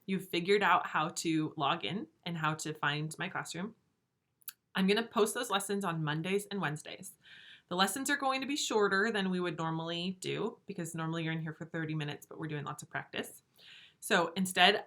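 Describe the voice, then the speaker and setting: Lady teacher talking to little kids on camera from her classroom, bright clear voice, patient. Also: fairly low pitch. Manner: slow, patient and encouraging, speaking to small children. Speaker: first grade teacher. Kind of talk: recorded remote lesson for young children.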